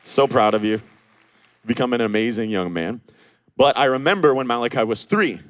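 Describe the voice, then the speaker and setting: A man in his thirties preaching a sermon as pastor, animated, acting out the voices he quotes. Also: mid-range voice, moderate pace, smooth, no echo, a faint crowd.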